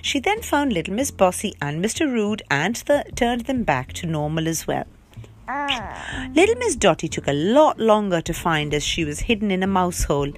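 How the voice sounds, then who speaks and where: A woman reading a children's storybook aloud in an animated, giggly, playful way. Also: mid-range voice, moderate pace. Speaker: reader.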